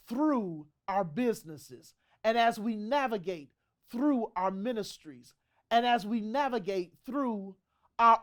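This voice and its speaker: A woman's voice: medium pitch, a little mellow. A woman host giving a motivational business talk, emphatic, with preacher-like repetition.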